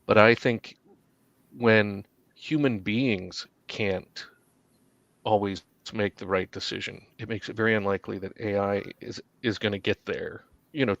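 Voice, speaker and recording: A man with a fairly low voice speaks in a measured, thoughtful way, with a dry wit. His audio is dead dry and a little muffled, like a lo-fi remote mic. He sounds like an author chatting on a round-table panel. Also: steady tone, creaky, fairly bright tone, no echo. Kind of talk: casual round-table chat.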